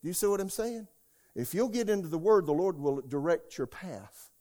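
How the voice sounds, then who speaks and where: A man preaches a sermon as a pastor. His voice sits a little high for a man. He tells stories from his own life and rises to loud, shouted quotes. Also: animated, normal speed. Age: 60s. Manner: storytelling, rising to shouts when quoting God.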